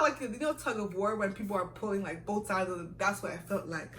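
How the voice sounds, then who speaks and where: A young woman from the United States telling a story in a casual vlog Q&A, animated and quick to laugh. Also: mid-range voice, reverberant, far from the mic, low-quality recording. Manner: animated, acts out quoted voices, laughs often. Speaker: vlogger.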